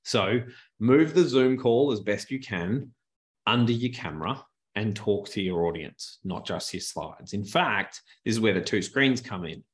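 Man, lower voice, webinar trainer, animated, shifts pace and tone, home office, desk mic. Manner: animated, varies pace and pitch deliberately. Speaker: presentation skills trainer. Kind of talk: webinar teaching. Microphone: good desk microphone.

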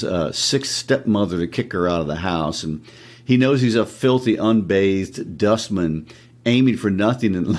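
A man's voice: deep voice, a little mellow. A man co-hosting a literature podcast, analyzing a play in a thoughtful way. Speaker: podcast co-host. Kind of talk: educational literature discussion.

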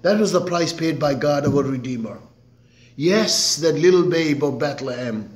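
A man preaching from the pulpit with a slightly high voice, unhurried and deliberate. He leans hard on key words, then drops almost to a murmur. The room carries a noticeable echo around him. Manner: slow, emphatic preaching with dramatic swings in loudness. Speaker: pastor. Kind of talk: sermon. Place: church sanctuary. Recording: echoey church room.

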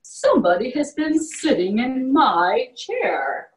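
A woman's voice: high voice, sing-song, slow pace, full character voice. A woman doing a stern Papa Bear. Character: big father bear, gruff and stern. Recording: echoey room from far off.

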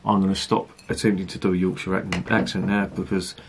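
A man's voice: deep voice, level tone, a little fast, a little hiss or hum. A middle-aged man, reviewing beer in a chatty, ranting monologue and swearing casually. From Britain.

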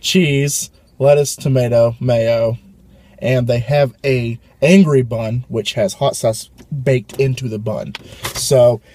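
A man's voice: mid-range voice, slow pace. Playful man reviewing food. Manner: playful, excitable, jokey. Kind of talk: casual food review chat. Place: fast food restaurant.

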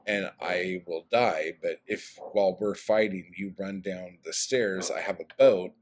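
Dude doing a laid-back barbarian fighter, low voice, swears a lot, matter-of-fact. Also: male voice, a little slow, slight background noise. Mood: offhand. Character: brawny barbarian warrior man, blunt and unflappable.

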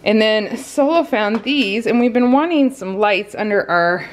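A woman's voice: medium pitch, a little slow, slight background noise. A woman, chatting casually through a grocery haul, out of breath and laughing often. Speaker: vlogger showing a grocery haul. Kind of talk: casual chat.

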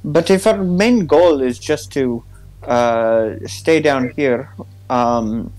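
A man playing a tabletop game, talking through a plan in halting, filler-filled speech. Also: on the high side, darkish tone, soft background music, rough recording. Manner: halting, many pauses and fillers. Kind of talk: in-character party planning.

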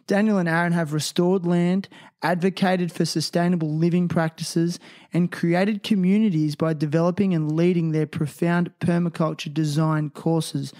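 A man's voice: a little high, a little mellow. A man hosting a casual podcast, playful and teasing, reading sponsor ads with enthusiasm. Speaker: podcast host. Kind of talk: casual podcast chat with ad reads.

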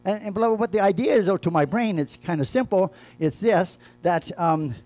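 A man preaching a sermon as the church's pastor, talking loosely with frequent restarts and repeated phrases, shifting between quiet asides and emphatic points. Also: high-pitched, moderate pace.

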